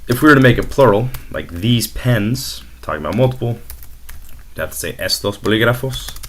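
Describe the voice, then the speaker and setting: A man's voice: on the low side, a bit bright. A young man explaining a language lesson in a casual, explanatory way, with fillers. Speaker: Spanish teacher. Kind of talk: screen-recorded language lesson.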